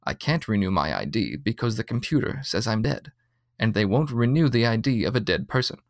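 A man's voice: fairly low pitch, big pitch swings, a little fast, no echo. A man voicing an adult woman caught in a bureaucratic mix-up, speaking in an annoyed, insistent way, in a dry reading. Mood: exasperated.

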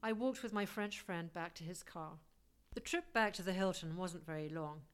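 In this audiobook storybook narration, a woman with a lowish, clean-toned voice reads a first-person tale at normal speed. Her delivery is wry and lightly humorous.

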